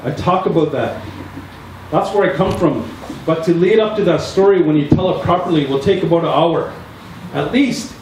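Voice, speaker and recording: Speaking at normal speed in a voice on the high side, a middle-aged Tsleil-Waututh Nation chief from British Columbia, Canada, tells earnest, repetitive stories in a speech to a gathering. The background is noisy, captured by a distant mic in an echoey hall where the audience can be heard.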